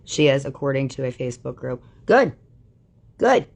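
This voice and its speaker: A woman's voice: a bass voice, sing-song, moderate pace, gravelly, darkish tone. A woman on a livestream delivering an angry, profanity-laden rant that calls people out. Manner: furious, swearing constantly, calling people out.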